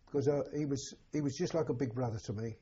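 Elderly man, very husky, halting, emotional, muffled old recording. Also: mid-range voice, warm tone. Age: older. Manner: halting, repeats words, emotional. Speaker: war veteran interviewee. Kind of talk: personal recollection. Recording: dull lo-fi recording.

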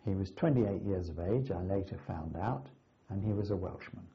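Gravelly older man reminiscing. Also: deep voice, lively intonation. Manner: earnest, anecdotal, with dramatic pauses. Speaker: veteran recalling wartime flight training. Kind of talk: oral history recollection. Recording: slightly dull lo-fi recording.

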